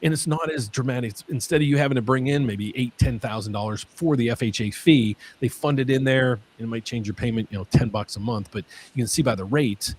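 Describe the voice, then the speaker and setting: A man hosting a mortgage Q&A stream, talking in an excitable way and often repeating his words. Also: medium pitch, fast, few pauses, breathy edge. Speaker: mortgage lender host.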